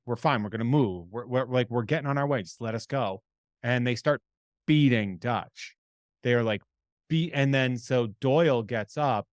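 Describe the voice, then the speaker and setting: A man co-hosting a podcast, recapping a film in an animated way, swearing freely and voicing the characters' lines. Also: dry recording, clean studio sound. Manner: animated, jumps into high pitch for quoted characters, swears freely. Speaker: podcast co-host. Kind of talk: casual chat recapping a film.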